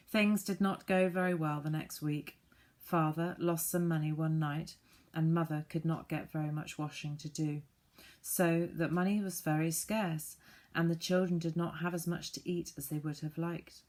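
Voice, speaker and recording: A woman reading a children's storybook aloud, gently voicing the characters. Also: deep voice. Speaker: audiobook reader.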